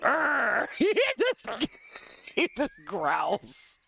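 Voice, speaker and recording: A man's voice: fairly high pitch, lively intonation, unhurried, fairly bright tone. A man casually commenting while playing a video game, joking, swearing and laughing often. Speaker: gaming streamer. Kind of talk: casual let's-play commentary.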